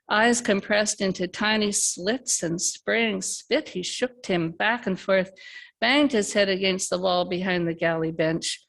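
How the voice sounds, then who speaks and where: A woman reading her own fiction aloud at an open mic, steady and measured. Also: mid-range voice, creaky. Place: live reading event, remote by video call.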